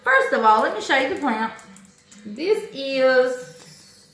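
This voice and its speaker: Chatty, excitable woman. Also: high-pitched, slow pace, reverberant, soft background music. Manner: excited, chatty, lots of "y'all" and "oh my God". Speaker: orchid-growing vlogger. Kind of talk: casual chat to camera.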